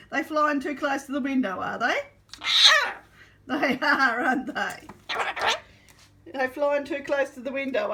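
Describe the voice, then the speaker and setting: A woman's voice: sits high, pushed and bright. A woman talking to her pet at home in a coaxing, teasing baby-talk manner. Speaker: pet owner. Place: indoors at home by a window.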